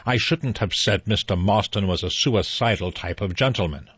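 A plain-spoken, doubtful man , voiced by the narrator, with a low, husky tone. He speaks thoughtfully and bluntly. The recording is dull and lo-fi. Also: normal speed, fairly bright tone, no room sound.

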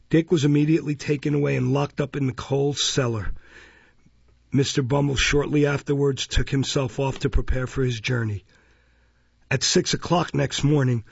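Gravelly, husky male audiobook narrator. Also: mid-range voice, no room sound. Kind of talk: classic novel narration. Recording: dull, dry lo-fi recording.

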